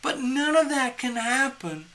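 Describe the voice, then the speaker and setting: A tarot reader giving a live reading, talking in a rambling, animated way, acting out the inner voices they describe and laughing at their own jokes. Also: high voice, measured pace.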